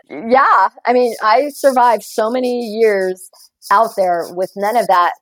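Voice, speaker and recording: Woman guest, lively storyteller, laughs a lot, dry close sound. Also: on the high side, slow pace, no room sound, low-quality recording. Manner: animated storyteller, laughs often. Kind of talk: casual conversation.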